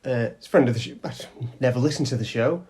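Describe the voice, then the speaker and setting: A young man from England, co-hosting a podcast and telling an animated story in casual chat. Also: medium pitch, fast, slightly rough. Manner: animated, acts out quoted people. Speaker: podcast co-host.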